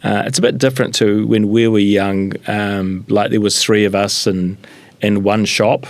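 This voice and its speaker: A middle-aged New Zealand man, founder of a sushi business, is a guest in a casual interview. His voice is fairly low and steady at a moderate pace, with no room sound, as he tells stories full of fillers and restarts.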